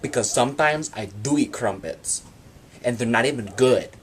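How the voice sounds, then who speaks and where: A man voicing a loud, defensive young man who rants at people who doubt him. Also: medium pitch, moderate pace, slight background noise, lightly acted. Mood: indignant.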